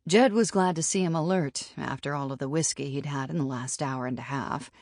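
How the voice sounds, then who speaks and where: A woman narrating an audiobook in a steady, even reading. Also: deep voice, a little fast, no echo. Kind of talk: scripted narration. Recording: dry studio audiobook.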